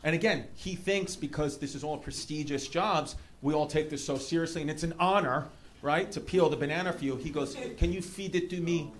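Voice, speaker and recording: High-voiced New York comedian telling stories. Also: male voice, a little fast. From New York City. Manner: animated storytelling, rambling asides. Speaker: stand-up comedian. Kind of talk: stand-up comedy set. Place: comedy club stage. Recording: live club room with audience noise. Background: audience laughter.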